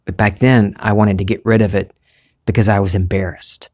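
Guy with a little southern accent left, kinda low voice, thinking out loud about spiritual stuff, laughs a lot. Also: level tone. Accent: Southern US, mild. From Southern United States. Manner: musing, unhurried, restarts phrases, laughs easily. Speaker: spiritual vlogger, former reporter. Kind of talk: reflective spiritual monologue.

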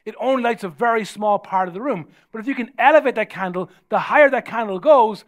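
An Irish man, a pastor, preaching a sermon in a humorous, conversational storytelling way. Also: high voice. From Ireland.

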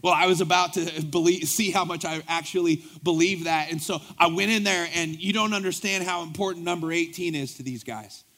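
A man preaching a sermon as pastor, telling a story with lively acted-out dialogue. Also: a little high, brisk, few pauses. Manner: animated storyteller acting out dialogue.

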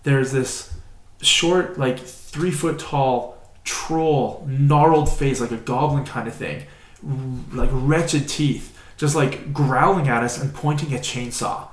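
A man co-hosting a podcast, telling a story in a casual, animated, rambling way and using "like" often. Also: mid-range voice, takes it slowly. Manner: animated, rambling, many "like" fillers. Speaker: podcast co-host. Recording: roomy echo.

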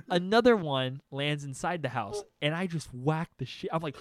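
A young man telling a comedic story on a podcast, animated and profane, acting out sounds and quotes. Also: a little high, moderate pace, noisy background.

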